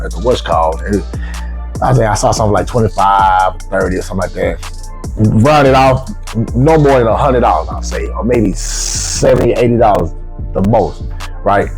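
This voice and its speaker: A man with features, casually telling a travel story as a vlogger, swearing freely and jumping up in pitch when he quotes himself. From United States. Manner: animated, profane, rises sharply when quoting himself.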